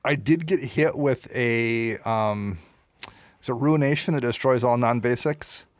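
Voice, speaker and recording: A man's voice: mid-range voice, a little slow, dry recording. A man co-hosting a podcast in casual chat, rambling with lots of fillers and self-deprecating asides. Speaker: podcast co-host.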